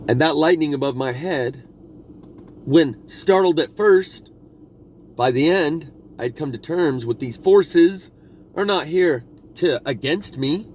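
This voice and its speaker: A man's voice: a little high, lively intonation, slow pace, darkish tone, slight background noise. A man talking in a meandering spiritual monologue, restarting his sentences and pressing hard on key words. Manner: meandering, restarts often, intense emphasis. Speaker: video blogger.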